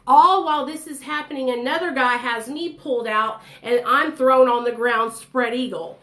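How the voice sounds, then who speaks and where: A woman's voice: high-pitched, normal speed, hardly any pauses. A woman in her thirties telling her own story in casual, blunt, profane speech, acting out the voices of others. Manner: blunt, profane, animated, acts out quoted voices.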